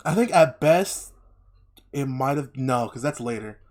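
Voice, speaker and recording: A man's voice: medium pitch, animated, measured pace. A young man co-hosting a podcast in casual chat, swearing freely and laughing often as he retells scenes. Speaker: podcast co-host.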